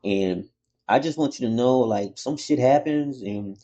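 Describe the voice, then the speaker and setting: A man giving a casual, rambling comic book review, excitable and swearing freely. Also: medium pitch, unhurried, lo-fi sound.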